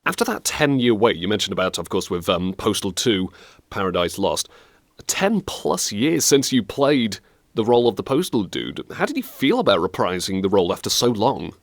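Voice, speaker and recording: Lively man hosting a radio interview. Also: fairly low pitch, moderate pace, no room sound. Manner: friendly, chatty questioning. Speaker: radio show host. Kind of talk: interview questions.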